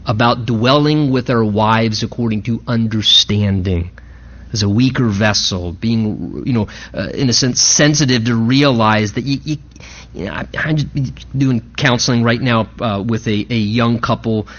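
A man preaching a sermon in an animated, conversational way, with frequent restarts. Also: medium pitch, a little slow, lo-fi sound. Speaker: pastor.

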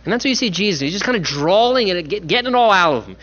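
A man's voice: high-pitched, racing. A man, a pastor, preaching a sermon and acting out the people in the story in his own voice. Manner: animated, acts out biblical voices in his own voice. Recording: lo-fi dull sound.

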